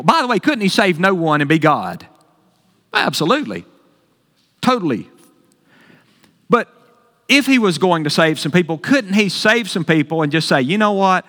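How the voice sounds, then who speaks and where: A high-voiced male pastor preaching with bright, ringing energy and eager delight. His voice carries a long reverb, like a large sanctuary. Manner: enthusiastic, exclaiming with delight. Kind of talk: sermon.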